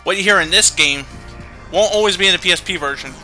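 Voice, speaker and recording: A man's voice: high voice, fast talker, bright, forceful tone, faint music behind. A man commenting casually on a video game he plays, joking, swearing and explaining game mechanics. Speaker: let's play commentator.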